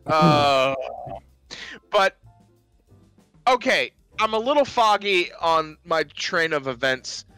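Animated young man recapping a movie. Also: fairly high pitch, takes it slowly, long pauses, smooth, dry recording, faint music behind. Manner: animated, acts out scenes in silly voices. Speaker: podcast co-host. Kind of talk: casual movie review chat.

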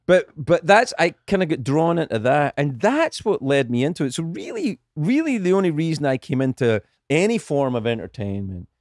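Lively Scottish man telling stories. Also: medium pitch, no room sound, clean studio sound. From Scotland. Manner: animated storytelling, profane, frequent restarts. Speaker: guest comedian. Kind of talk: casual podcast chat.

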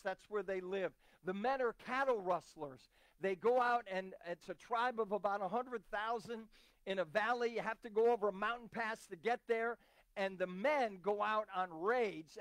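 A man's voice: sits high, no echo. A man preaching a sermon as a visiting missionary, emphatic and repeating key phrases. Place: church.

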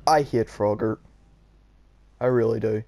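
A man's voice: lowish voice, unhurried, vocal fry, mellow, no room sound. A man giving wry, sarcastic commentary while playing a video game. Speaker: gameplay commentator. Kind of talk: casual gameplay commentary.

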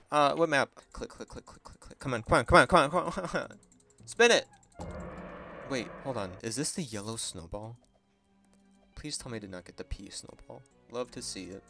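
A man giving excitable, chatty gameplay commentary and laughing often as a gaming video creator. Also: medium pitch, gravelly.

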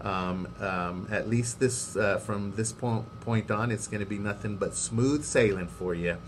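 A man's voice: lowish voice, a little slow, slight background noise. A man recording a farewell message to a retiring coworker, hesitant with frequent ums. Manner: warm, hesitant, many ums.

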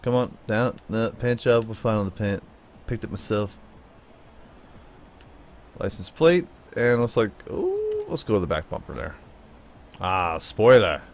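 A man's voice: lively intonation, normal speed, long pauses, darkish tone, slight background noise. A man giving playful, chatty gameplay commentary, talking to his car and his viewers. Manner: playful, chatty, talks to the car and viewers, jumps into high silly tones. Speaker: gaming YouTuber.

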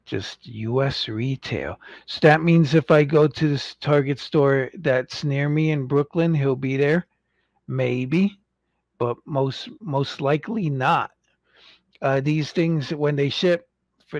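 A man from the United States chatting slowly on his livestream as host, rambling and jokey. His voice sits at an ordinary pitch, and the sound is dry and slightly muffled, like a home mic. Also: dry recording. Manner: rambling and jokey, mocking impatient fans in squeaky voices. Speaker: toy collector livestream host. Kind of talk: casual livestream chat.

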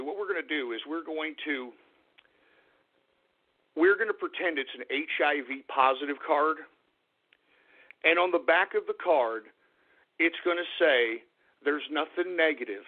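A man hosting a talk radio show, brash and boastful, whooping and shouting with excitement. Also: fairly high pitch. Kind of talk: boisterous talk radio monologue. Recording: tinny phone-like radio audio.

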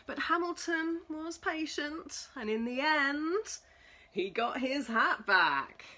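A woman reading a children's storybook aloud, slow and expressive. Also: high voice. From England.

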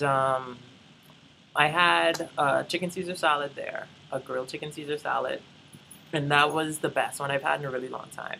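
Chatty young vlogger, gravelly and bright. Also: medium pitch, a little hiss or hum, low-quality recording. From Bahamas. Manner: chatty, addresses viewers as y'all, rambling asides. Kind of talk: casual travel vlog storytelling.

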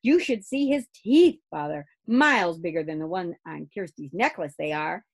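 A woman voicing an eager young boy who shouts with excitement. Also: low voice, normal speed, gravelly, exaggerated voice. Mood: excited.

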